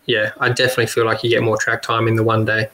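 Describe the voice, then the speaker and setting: A man's voice: fairly low pitch, very fast, slight background noise, poor audio. Laid-back Australian man chatting. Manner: relaxed, laughs often, repeats words. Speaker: guest kart driver. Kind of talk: casual podcast chat.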